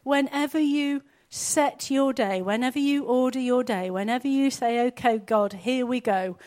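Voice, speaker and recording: High-voiced woman preaching. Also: moderate pace, darkish tone. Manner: earnest, conversational preaching with rhetorical questions. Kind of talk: sermon.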